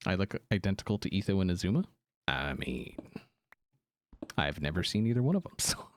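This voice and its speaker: A man's voice: low-pitched, sing-song, a little fast, slight background noise. A young man streaming a game, chatting casually with viewers in a slightly sick voice with a lingering cough, rambling with ums and laughs. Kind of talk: casual livestream chat answering viewers.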